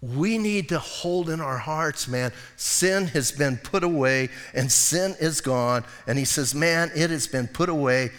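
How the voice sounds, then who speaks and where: A male pastor preaching an animated, conversational sermon and acting out bits of dialogue. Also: a little high, unhurried, few pauses, long reverb tail.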